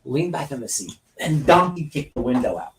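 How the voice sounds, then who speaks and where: A man hosting a casual live stream, talking in an animated, repetitive way and acting out scenes as he speaks. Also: fairly high pitch, moderate pace, recorded from a distance. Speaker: livestream host. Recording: roomy, off-mic sound.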